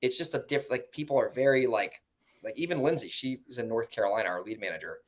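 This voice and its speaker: A man with a New York accent talking casually in a podcast conversation about his investing, profane and animated, mimicking other people in high mocking voices. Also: fast talker. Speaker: real estate investor guest.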